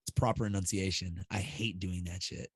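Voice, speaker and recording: A man's voice: low-pitched, fairly even intonation, moderate pace, husky, no echo. A man co-hosting a casual livestream, talking loosely and profanely and laughing often. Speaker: livestream co-host mixing e-liquids.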